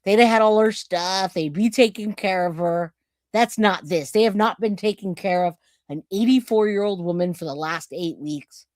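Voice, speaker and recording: A woman's voice: mid-range voice, normal speed, darkish tone, no room sound, clean studio sound. A woman hosting a true crime livestream, talking casually and directly to her chat viewers.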